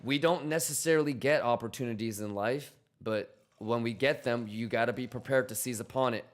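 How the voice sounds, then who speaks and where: During a live trading stream, a man with a mid-range voice speaks directly into a desk microphone at a slightly quick pace. He's loud and teasing, curses freely, and keeps checking in with his chat by repeating their questions back to them.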